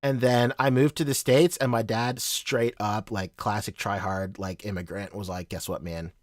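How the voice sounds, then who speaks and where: Hosting a laid-back livestream, a Tagalog-speaking Filipino man in his 30s with a Southern US accent chats in a meandering way, cursing freely and laughing a lot. He talks at normal speed in a fairly low, fairly flat voice, and the studio sound is clean with no echo.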